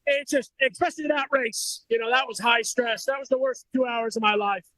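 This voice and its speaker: A man's voice: very high voice, steady tone, a little fast, bright, forceful tone, no room sound, low-quality recording. A man who runs a racing team, giving a jovial, joking post-race interview in a crowded team garage.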